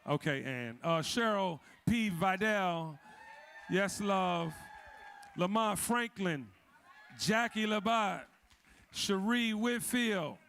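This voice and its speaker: Emcee: joking man, high gravelly voice, live event roll call. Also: animated, takes it slowly, a bit bright, a little hiss or hum. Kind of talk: live event shout-outs. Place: event hall with audience.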